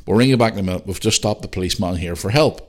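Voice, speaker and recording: A man's voice: low voice, very fast. A man quoting his older mother, breathless and exclaiming, his voice a little lifted. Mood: chatty. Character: fussy older mother on the phone.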